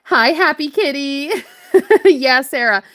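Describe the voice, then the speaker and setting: A woman's voice: high voice, animated, takes it slowly, a bit bright. A young woman hosting a crafting livestream, chatting casually and giggling as she greets viewers by name. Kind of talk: casual live-stream chat.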